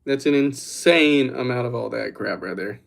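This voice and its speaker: A man's voice: medium pitch, normal speed, gravelly. A young man livestreaming, rambling and joking as he talks straight to his chat. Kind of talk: casual livestream chat with viewers.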